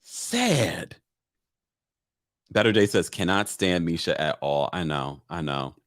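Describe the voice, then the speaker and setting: A man's voice: sits low, animated, slow pace, a bit bright. A man hosting a casual livestream recap, chatting animatedly and reading viewer comments aloud into a webcam mic. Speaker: live-stream recap host.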